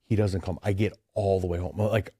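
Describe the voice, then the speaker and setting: Laid-back man from Chicago, lowish mellow voice, rambles through stories with lots of filler. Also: flat delivery, fairly quick, slightly rough, no echo, clean studio sound. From Chicago, USA. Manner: rambling, heavy use of "like" and "dude". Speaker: podcast guest. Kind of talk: casual storytelling.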